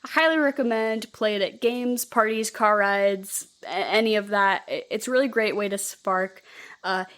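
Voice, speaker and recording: A woman's voice: medium pitch, normal speed, fairly bright tone. A young woman co-hosting a podcast, chatting casually and animatedly, with lots of "like" and casual swearing. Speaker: podcast co-host. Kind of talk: casual chat.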